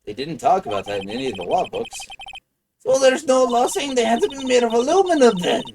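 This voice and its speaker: A man's voice: very high-pitched, very animated, a little fast, background noise, exaggerated voice. A man voicing a cheerful, curious young female sidekick in a raised, chirpy voice while reading game dialogue.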